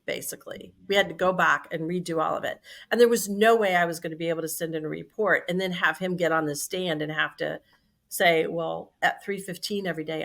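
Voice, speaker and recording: A company CEO in her sixties, with a fairly low-pitched voice, tells a lively story in conversation and acts out the quoted dialogue.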